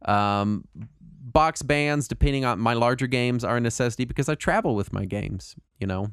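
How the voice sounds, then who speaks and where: A man co-hosting a casual podcast chat, talking in a rambling, animated way with lots of fillers and restarts. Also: mid-range voice, normal speed, clean tone, no echo, studio quality. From Texas. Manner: rambling, animated, puts on silly voices when quoting people. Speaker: podcast co-host.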